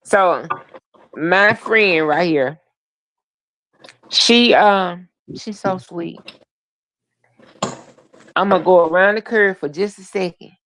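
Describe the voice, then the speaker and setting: A woman's voice: lowish voice, fairly bright tone, dry recording. A woman co-hosting a live stream, speaking in an outspoken, unfiltered way. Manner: unfiltered, outspoken, slow and deliberate. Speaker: livestream co-host. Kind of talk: casual live chat.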